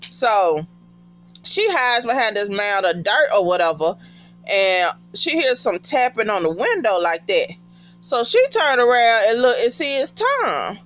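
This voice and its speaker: A woman giving a casual TV episode recap in an animated, profane way and talking back to the characters. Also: a little high, measured pace, highs cut off, faint music behind.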